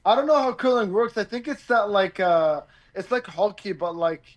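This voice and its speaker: A man's voice: high voice, animated, normal speed. A man co-hosting a casual chat show from a bedroom over a video call, with a laid-back, rambling manner. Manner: laid-back and rambling, with filler-heavy restarts. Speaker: co-host. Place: a bedroom abroad.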